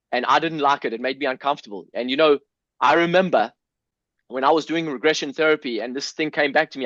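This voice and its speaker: A South African man in his fifties tells candid personal stories as a podcast guest, earnest and emotional, restarting often and swearing now and then. His mid-range voice is a bit bright, and the recording is dull, dry, and lo-fi.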